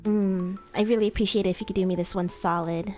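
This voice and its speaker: A woman's voice: medium pitch, steady tone, fast talker, mellow, faint music behind. A woman streamer improvising a role-play with a chatbot, hesitant and giggly, with many fillers.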